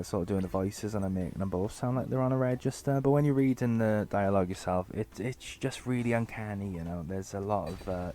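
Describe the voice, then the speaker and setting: A man's voice: lowish voice, mellow. Joking guy reviewing a book. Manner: joking and sarcastic, with many fillers. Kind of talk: casual comedic book review.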